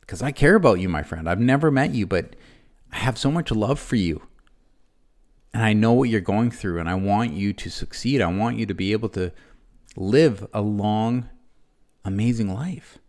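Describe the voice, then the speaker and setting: A man hosting a motivational podcast, talking earnestly and warmly straight to the listener, with frequent tag questions and restarts. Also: lowish voice, expressive, moderate pace. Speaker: podcast host, former prison guard.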